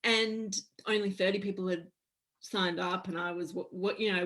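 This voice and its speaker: Brief: woman host, mid-pitched, casual and affirming chat. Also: normal speed. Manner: warmly agreeing, chatty. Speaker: interview host.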